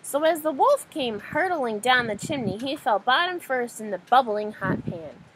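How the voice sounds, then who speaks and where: Animated woman reading a children's story. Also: high voice, normal speed, a little hiss or hum, poor audio. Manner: animated and expressive. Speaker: storybook reader.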